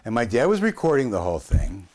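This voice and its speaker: A man's voice: on the low side, huge pitch swings, fast talker, a little mellow. A man in his sixties from the United States, telling a rambling story as an interview guest, with frequent hesitations and restarts.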